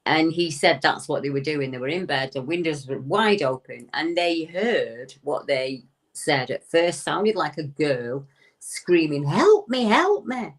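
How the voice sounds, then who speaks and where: A woman with a deep, low-set voice tells a story as an interview guest. She relays a witness's account in a conversational way and slips into his quoted words to act them out. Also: measured pace. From United Kingdom. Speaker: guest recounting a witness's encounter.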